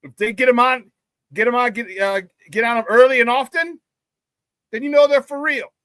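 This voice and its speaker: A man's voice: extremely high pitch, normal speed, no room sound. A man hosting a casual sports talk show, reading the live chat aloud and repeating himself as he talks. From Chicago area. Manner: animated, repeats himself, laughs often. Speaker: sports talk radio host.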